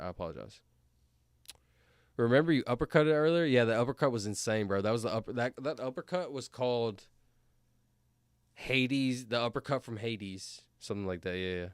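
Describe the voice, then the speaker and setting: A young man, a streamer, telling rambling stories in casual chat, filling every pause with "like" and "anyways.". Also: mid-range voice, smooth, no echo, studio quality. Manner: rambling, filler-heavy, says "like" and "anyways" constantly. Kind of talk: casual storytelling while reading chat.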